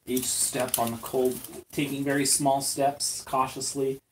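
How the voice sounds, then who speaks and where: A man's voice: medium pitch, completely flat delivery. A man narrating a tabletop game as game master, correcting himself as he describes the scene. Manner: halting, self-correcting description. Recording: distant mic, faint background noise.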